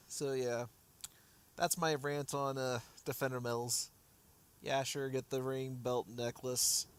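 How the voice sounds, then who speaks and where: This man speaks at medium pitch, slowly, with long pauses, offering casual livestream commentary as he plays a game. His rambling talk restarts often while he replies to chat, and his slightly worn voice shows he's losing it.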